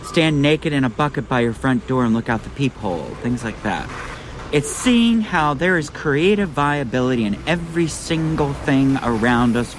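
A man's voice: medium pitch, background noise. A man speaking about poetry in a playful, provocative way. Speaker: poet. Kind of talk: casual talk about poetry.

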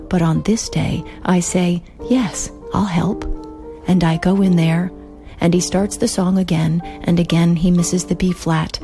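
A woman's voice: lowish voice, gravelly, dark tone. A woman hosting her own show, reading a personal story aloud in a wry, candid and plain-spoken way. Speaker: host and storyteller.

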